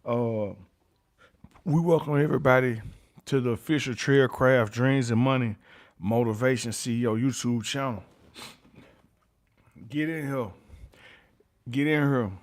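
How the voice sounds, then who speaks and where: A man's voice: mid-range voice, measured pace, long pauses. A man hosting a YouTube livestream, greeting chat viewers by name and repeating his catchphrases. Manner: repeats catchphrases, reads chat names aloud, chuckles often. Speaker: YouTube channel host.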